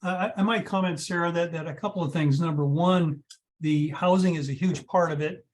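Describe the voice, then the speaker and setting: A man's voice: on the high side, steady tone, fairly quick. A man giving expert answers on a video call, hesitant, restarting sentences often. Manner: hesitant, lots of restarts and uh's. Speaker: guest advisor.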